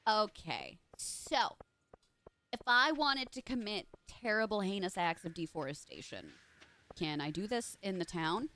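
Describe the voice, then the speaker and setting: A woman's voice: mid-range voice, expressive, unhurried, bright, forceful tone. A young woman streaming a video game live, chatting casually in a playful, teasing way. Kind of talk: casual live gameplay chat.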